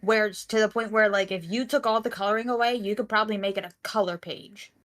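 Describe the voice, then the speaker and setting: A woman talks casually as a guest on a call, at a middling pitch. She hesitates a lot, filling gaps with "like" and starting sentences over. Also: steady tone, fast talker, fairly bright tone. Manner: hesitant, many fillers and false starts. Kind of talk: casual conversation.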